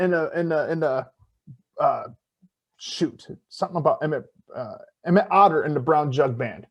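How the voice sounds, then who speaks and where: A man's voice: a little high, expressive, normal speed, highs cut off. A man from South Dakota co-hosting a podcast, talking casually with many "uh"s and restarts and some easy swearing. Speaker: podcast co-host. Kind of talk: casual live-stream chat.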